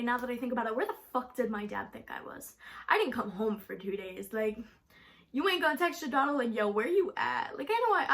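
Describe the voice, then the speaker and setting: A woman's voice: high voice, pushed and bright. A young adult woman vlogging casually into her phone, chatty and profane, rambling with lots of "like". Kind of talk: casual storytime vlog. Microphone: phone camera.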